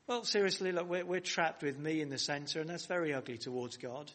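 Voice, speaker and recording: A pastor delivers his sermon in a voice a little higher than most men's. He stresses his points with rising emphasis. He keeps turning to his listeners with rhetorical questions. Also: fairly quick, hardly any pauses, a bit bright. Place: church hall.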